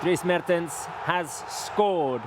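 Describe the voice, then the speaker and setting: A man's voice: fairly high pitch, background noise. A man doing live football play-by-play commentary with jokey banter between calls. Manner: excitable, quick asides, jokey.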